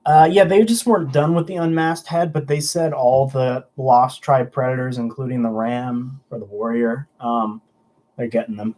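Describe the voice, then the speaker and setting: A young man hosting a relaxed livestream talks at a moderate pace in a mid-range, slightly mellow voice with fairly even intonation. Chatty and rambling, he answers viewer comments with many stumbling restarts.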